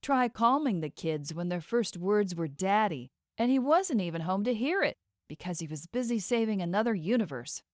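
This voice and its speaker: A woman's voice: mid-range voice, animated, moderate pace, dry recording, studio quality, natural voice. A woman voicing a frightened, furious young wife in an audiobook, ranting and tearful. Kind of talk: audiobook character voice.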